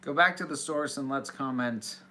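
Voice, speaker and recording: A man's voice: mid-range voice, moderate pace, bright, forceful tone. A man hosting a casual Q&A, reading out viewer questions from a small office and answering them in a chatty, hesitant way with restarts. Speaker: host.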